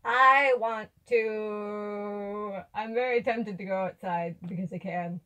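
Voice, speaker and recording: A woman's voice: medium pitch, fairly even intonation, slow pace, fairly bright tone. A woman playing a tabletop game casually and asking many curious questions. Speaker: player.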